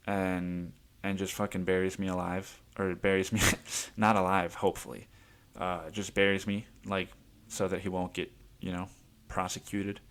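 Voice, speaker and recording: A man hosting a solo podcast, rambling casually and swearing often with self-amused laughs. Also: low voice. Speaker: podcast host.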